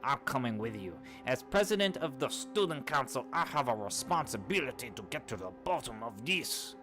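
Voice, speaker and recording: A man's voice: medium pitch, very animated, moderate pace, over music, close to an everyday voice. A man voicing a haughty male bird student council president with a put-on French accent, speaking imperiously. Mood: solemn. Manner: imperious, scornful.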